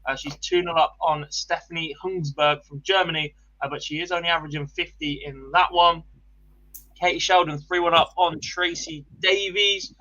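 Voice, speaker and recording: A man commentating live on darts, running briskly through results with light banter. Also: fairly high pitch, steady tone, bright, forceful tone, muffled recording.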